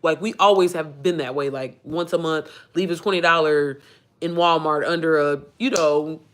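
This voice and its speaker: A woman's voice: low voice, fairly even intonation, moderate pace. A woman, chatting in a rambling, emotional way on a livestream, swearing freely. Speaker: livestream host. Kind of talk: casual livestream chat.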